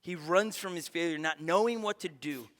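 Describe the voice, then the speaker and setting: A male pastor preaching a sermon in a conversational, energetic way, with asides and quick restarts. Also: on the high side, in a large hall.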